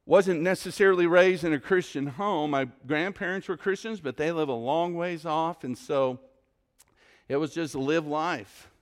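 With a fairly high voice and a slightly slow delivery, this male pastor preaches to his congregation in the church sanctuary, asking questions again and again in varied forms, with dramatic emphasis.

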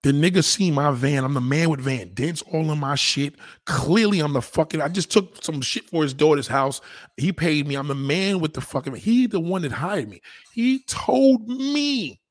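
A man's voice: on the high side, normal speed, dry recording. A man ranting and telling a story in casual, profane slang, acting out the voices. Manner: loud, animated, swears constantly, acts out voices. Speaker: vlogger.

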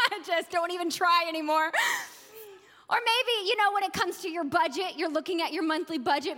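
Woman pastor, high voice, chatty sermon, laughs at her own jokes, long church reverb. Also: a bit bright.

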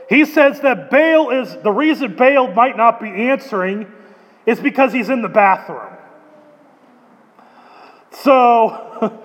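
A man preaching a sermon, reading scripture and adding explanatory asides with wry sarcasm. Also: very high-pitched. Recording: long reverb in a large hall.

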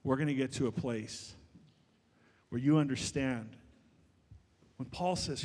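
A man's voice: medium pitch, measured pace, pauses often, a little mellow, breathy edge, big-room sound. A man preaching a sermon as pastor, emphatic and building to raised, passionate delivery.

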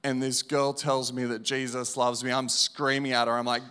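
A man preaching in a voice of medium pitch. He repeats his lines slowly and with emphasis, dropping to a hush and then rising loud, as he gives his testimony in a sermon. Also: fairly even intonation, clear, resonant tone. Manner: slow, emphatic repetition, swinging between hushed and loud.

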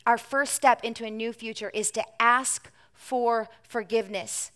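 A woman preacher giving a sermon to a congregation in church. She tells the story in an animated way, moving between emphatic lines and hushed ones. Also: on the high side, measured pace.

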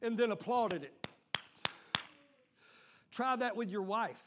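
A male pastor preaching a sermon, swinging from fervent shouts to hushed, confiding asides. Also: sits high, slow pace, noisy background.

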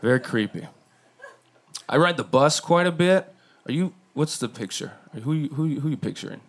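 On a comedy club stage, a man with a fairly high, expressive voice at normal speed does a crude stand-up set, riffing and addressing the crowd directly. It's recorded live with the club audience laughing in the background.

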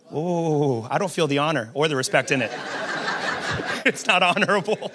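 A man who is a pastor, preaching a sermon in a lively, humorous storytelling way, acting out quotes and repeating words as he builds a point. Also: a little high, normal speed, slight background noise.

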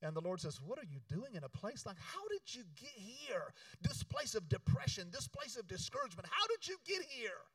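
A man preaching a sermon, urging the congregation to repeat after him and switching between loud exhortation and quiet storytelling. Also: high-pitched, wildly swooping pitch, fairly quick, few pauses, no room sound, distant mic, rough recording. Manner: emphatic, call-and-response preaching. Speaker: pastor.

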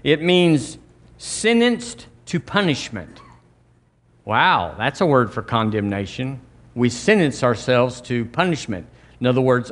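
A middle-aged man preaching a sermon as pastor, folksy and conversational with quick asides. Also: mid-range voice, animated, a bit bright.

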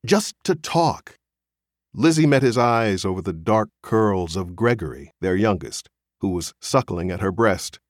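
A man narrating a literary novel as an audiobook reader, in a measured, expressive storytelling manner. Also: low-pitched, no room sound, clean studio sound.

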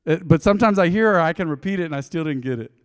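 A man's voice: a little high, expressive, very fast, clear, resonant tone. A middle-aged man preaching a sermon as pastor, folksy and storytelling, acting out quoted voices. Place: church sanctuary. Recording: long hall reverb.

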